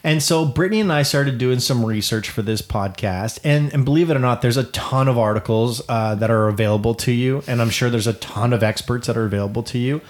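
A man in his thirties co-hosts a casual podcast. His pitch sits in a middle range, and he tells stories with animated energy, slipping into the voices of the people he quotes. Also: a little fast, few pauses. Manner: animated storyteller, acts out quotes. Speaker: podcast co-host. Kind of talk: casual chat.

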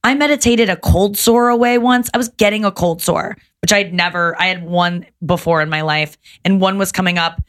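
A young adult woman telling stories in casual podcast chat, animated and swearing freely. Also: fairly low pitch, normal speed, hardly any pauses.

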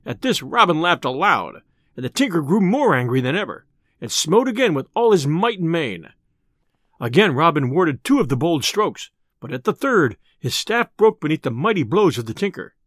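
Animated male storyteller, dry sound. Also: a little high, normal speed, dry recording. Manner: expressive, theatrical reading. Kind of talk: scripted narration of an old tale.

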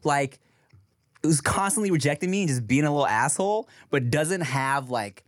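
Animated man telling stories, lively pitch. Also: moderate pace, dry recording, studio quality. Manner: animated storyteller, swears freely, laughs often. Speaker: podcast co-host. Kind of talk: casual chat.

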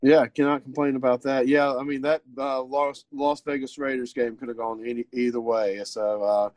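A man co-hosting a sports podcast, talking in a relaxed way with plenty of fillers. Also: medium pitch, normal speed, no room sound. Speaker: podcast co-host. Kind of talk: casual sports talk.

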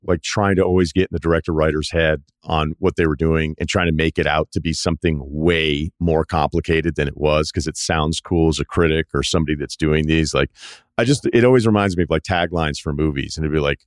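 A man hosting a podcast in casual chat, relaxed and rambling, with restarts and side remarks. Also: a bass voice, a little fast, no echo, studio quality. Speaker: podcast host.

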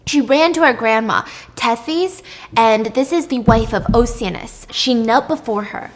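A young woman retells an old myth in an animated, irreverent way. Her voice is somewhat high and bright, and she swears casually as she goes. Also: a little slow. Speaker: storyteller.

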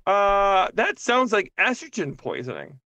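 A woman's voice: medium pitch, huge pitch swings, measured pace, fairly bright tone, no room sound. A woman co-hosting a podcast, telling stories in a profane, rambling casual chat. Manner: profane, rambling storytelling with laughs. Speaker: podcast co-host.

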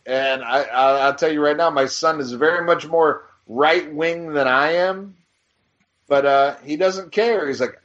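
A man's voice: on the high side, measured pace, fairly bright tone. A man co-hosting a casual chat, telling stories in a rambling, profane way with lots of restarts. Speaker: podcast co-host. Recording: dull lo-fi sound.

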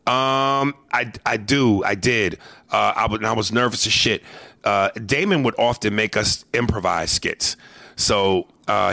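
A comedian hosting his podcast, swearing freely as he tells animated stories. His voice is low and gravelly with a bright, forward edge. The sound is dry and close to the mic. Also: dry recording. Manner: profane, animated storyteller. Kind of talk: casual podcast storytelling.

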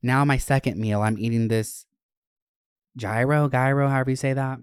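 A young adult podcast host telling stories in a casual, animated, profane way. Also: mid-range voice, fast talker, clean tone, no room sound, studio quality. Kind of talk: casual chat.

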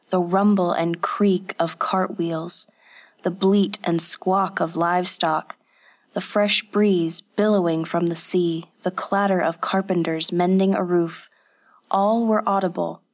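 A woman reading a story aloud in steady, measured narration. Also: fairly low pitch. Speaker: audiobook narrator. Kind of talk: scripted narration.

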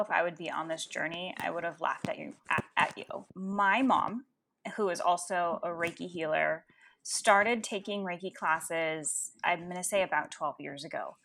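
A woman in her thirties, a coach and Reiki healer, telling a personal story in an animated, frank way with laughs. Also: on the low side, moderate pace, creaky. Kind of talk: storytelling interview.

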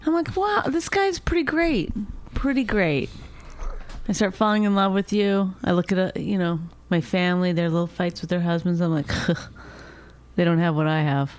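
A woman's voice: lowish voice, steady tone, brisk, darkish tone, clear, resonant tone. A woman co-hosting a podcast, rambling and complaining in casual chat, swearing freely. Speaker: podcast co-host.

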